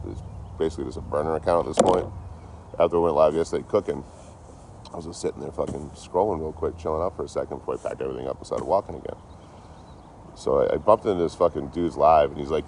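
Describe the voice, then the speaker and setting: A man's voice: very deep voice, a little fast, gravelly, a little mellow, a little hiss or hum. A man from Detroit rambling casually and swearing a lot on an outdoor livestream, talking into his phone. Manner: rambling, heavily profane. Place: outdoors, by a road.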